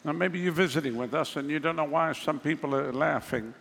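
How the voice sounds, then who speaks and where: Male pastor, fairly high, gravelly voice, sermon with sarcastic asides, long hall reverb. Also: brisk, a bit bright, slight background noise. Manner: conversational preaching, mocking asides.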